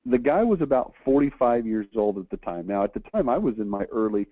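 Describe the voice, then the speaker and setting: Mid-pitched man in his forties, business coach, emphatic storyteller who repeats phrases, dry tinny phone-line sound. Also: very animated, fairly quick, no room sound. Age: 40s. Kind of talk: motivational storytelling.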